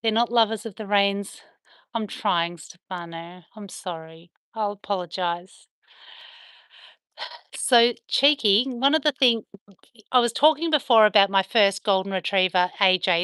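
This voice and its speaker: Bright, dry-sounding Australian woman, chatty livestream host answering comments, coos at her dogs. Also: medium pitch, no room sound. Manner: chatty, reads and answers viewer comments, soft baby talk to the dogs. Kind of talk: casual livestream chat with viewers. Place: at home on a veranda.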